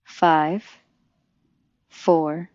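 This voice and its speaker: A woman putting on a commanding dominant voice, giving low, slow, stern orders in a playful role-play attempt. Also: steady tone, darkish tone, no echo, muffled recording.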